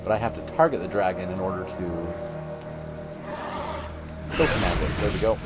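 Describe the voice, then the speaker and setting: A man's voice: sits low, moderate pace, loud music behind the voice. A man hosting a gaming channel, talking through gameplay in a rambling, chatty way. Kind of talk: casual gameplay commentary.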